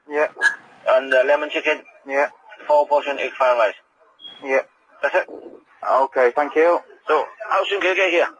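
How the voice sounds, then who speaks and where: Brisk takeaway worker on a call. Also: male voice, fairly high pitch, fairly bright tone, slight background noise, rough recording. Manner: brisk, repeats himself. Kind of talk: phone call.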